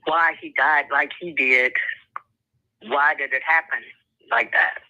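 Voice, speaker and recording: A woman from Indiana calling in to a show, speaking in a hesitant, halting way. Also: very deep voice, steady tone, pushed and bright. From Indiana, USA. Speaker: caller. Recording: tinny phone line.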